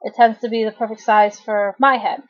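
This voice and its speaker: A woman in her thirties walks viewers through a knitting project in a relaxed, chatty way, pausing now and then to clear her throat. Her voice sits a little high. The sound is dull and lo-fi, recorded through a home webcam. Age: 30s. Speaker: craft tutorial host. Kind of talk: casual knitting tutorial.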